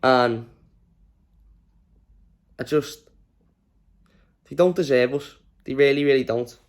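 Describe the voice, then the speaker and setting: A man's voice: mid-range voice, slow. A man hosting a fan channel, giving a frustrated, swearing post-match reaction rant to camera while exhausted from little sleep.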